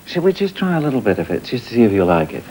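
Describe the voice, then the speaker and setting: A man's voice: mid-range voice, very animated, racing, poor audio. A middle-aged man teaching singing, chatty and encouraging, sometimes singing phrases to show how they go. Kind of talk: coaching singers in a studio class.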